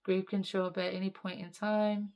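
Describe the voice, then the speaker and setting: A woman's voice: medium pitch, flat delivery, normal speed, darkish tone. A young adult woman hosting her own vlog, talking casually and bluntly, swearing freely, rambling and sometimes dropping to a whisper. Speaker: channel host.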